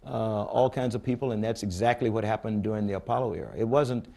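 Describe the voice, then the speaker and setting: A man's voice: lowish voice, fast talker, gravelly, mellow. An older man answering audience questions at a public forum, candid and blunt, telling stories with frequent restarts. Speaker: space agency head speaking at a public forum. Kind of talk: conversational Q&A answers. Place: conference room before an audience.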